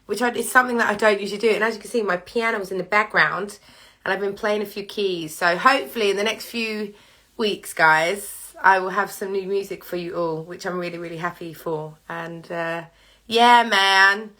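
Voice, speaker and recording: Bright-toned bubbly woman hosting a live stream. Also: mid-range voice, fairly even intonation, normal speed. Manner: chatty, bubbly, talks straight to viewers. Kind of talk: casual live-stream chat. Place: home living room with piano and candles.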